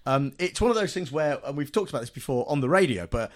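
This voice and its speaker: A man's voice: medium pitch, lively intonation, fast talker. A man co-hosting a casual comedy podcast, rambling and restarting as he argues a point. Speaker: podcast co-host.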